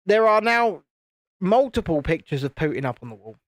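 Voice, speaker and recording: The man from the United Kingdom speaks in a high, sing-song voice at a moderate pace. Hosting his YouTube live stream, he jokes and reads viewer comments while building, in studio-quality sound with no echo.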